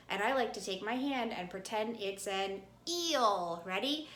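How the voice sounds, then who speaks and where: A woman with a medium-pitched, very animated, sharp voice teaches second graders phonics in an echoey room. Slow and encouraging, she calls out vowel sounds with hand motions for the class to repeat in this recorded lesson for kids.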